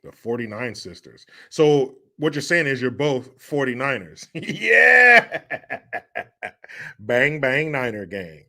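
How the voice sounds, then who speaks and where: Guy reading his stream chat out loud, bright voice that jumps all over, cussing and trash talking. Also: medium pitch, very animated, slow, vocal fry. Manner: loud, profane banter with frequent laughter; teasing rival sports fans. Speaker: livestream host reading chat. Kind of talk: casual chat.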